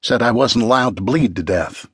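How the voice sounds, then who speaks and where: A man's voice: mid-range voice, moderate pace, breathy edge, no room sound, studio quality. A male narrator voicing a determined young female college student who speaks urgently.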